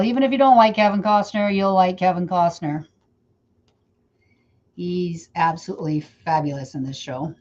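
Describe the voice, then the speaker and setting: A middle-aged Canadian woman with a lowish, slightly mellow voice teaches wreath making on a casual live stream. She chats away, addressing viewers by name as she works, and the lo-fi sound is a bit dull.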